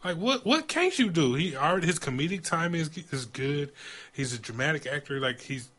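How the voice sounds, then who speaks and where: A man's voice: on the high side, expressive, brisk, fairly bright tone. A man co-hosting a podcast, chatting casually with slang and some stumbling restarts. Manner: enthusiastic, slangy, trips over his words. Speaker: podcast co-host. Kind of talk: casual chat.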